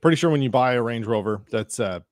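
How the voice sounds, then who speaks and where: A fast-talking man at medium pitch, animated throughout, hosts a podcast. He wanders through a casual anecdote full of false starts and quotes he performs in character. The audio is dry and studio-clean.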